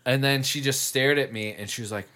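A man's voice: mid-range voice, brisk, pushed and bright. A man telling stories in casual chat, rambling and swearing as he acts out what others said.

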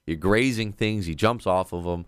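A man's voice: deep voice, normal speed, clear, resonant tone, dry recording. A man in casual chat, telling long rambling stories and swearing freely.

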